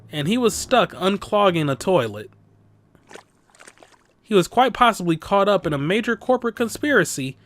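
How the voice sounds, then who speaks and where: A man's voice: high voice, a bit bright. A man hosting a let's play, reading the game's text aloud and chatting in an amused, playful way. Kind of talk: casual game commentary and reading aloud.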